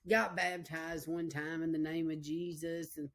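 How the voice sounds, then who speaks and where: A middle-aged woman delivers a sermon woven through with personal testimony. Her voice sits a little low, and she takes her time, unhurried and deliberate. She tells the story with feeling, circling back on key lines and speaking right to her listeners. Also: level tone. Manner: emotional, repetitive storytelling, addresses listeners directly. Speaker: preacher.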